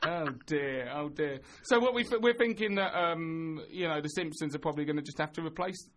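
A man's voice: a little high, fairly quick, a bit bright, a little hiss or hum. A man, co-hosting a casual chat show and joking as he rambles through stories. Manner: jokey, rambling, slips into silly voices. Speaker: podcast co-host.

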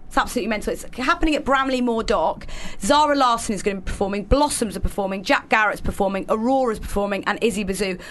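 A woman's voice: mid-range voice, quick pace, hardly any pauses, fairly bright tone, a little hiss or hum. A woman presenting a radio show in casual, enthusiastic chat with her co-host. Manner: chatty, enthusiastic, laughs easily.

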